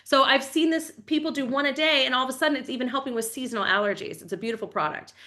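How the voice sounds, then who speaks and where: A woman in her forties giving a fast, enthusiastic, chatty live-stream sales pitch for wellness products. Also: pushed and bright. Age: 40s.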